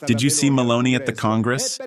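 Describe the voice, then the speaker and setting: A man's voice: mid-range voice, steady tone, a little fast. A man with an Italian accent giving an impassioned, indignant lecture at a conference, ranting and swearing at times. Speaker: conference speaker. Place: theatre with audience.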